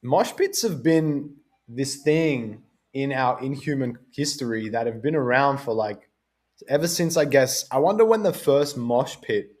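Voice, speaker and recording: A man's voice: medium pitch, expressive, a little slow, darkish tone. A man with an Australian accent hosting a casual podcast chat, rambling and laughing often. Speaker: podcast host.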